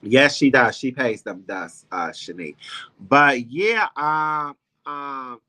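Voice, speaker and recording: A man with a medium-pitched, animated voice and a sharp tone hosts a celebrity gossip livestream at a slow pace. He chats sassily with live viewers, calling them girl and honey, and rambles with ums and restarts.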